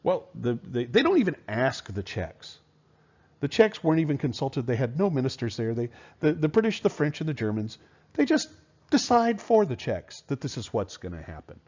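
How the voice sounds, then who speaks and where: A man teaching history in a relaxed, conversational lecture, with fillers and rhetorical questions. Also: mid-range voice, normal speed. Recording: dull lo-fi recording.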